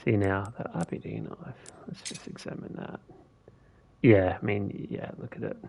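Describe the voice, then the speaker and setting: A man giving relaxed live gameplay commentary as a streamer, thinking aloud with fillers as he plays. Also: fairly low pitch, normal speed, gravelly.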